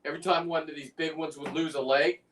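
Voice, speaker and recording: Chatty guy, kinda high voice, sounds far off the mic, rambles while showing stuff. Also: steady tone, fast talker, a bit bright, slight background noise. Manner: chatty, rambling, demonstrating as he works. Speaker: guest on a fishing livestream, lobster preparer. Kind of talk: casual chat while demonstrating. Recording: away from the mic.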